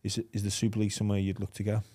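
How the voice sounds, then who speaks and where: A man hosting a podcast, chatting casually and telling stories in an animated way, from England. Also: lowish voice, rapid-fire, slightly rough. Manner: animated storyteller, acts out voices with laughs. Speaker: podcast host. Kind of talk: casual interview chat.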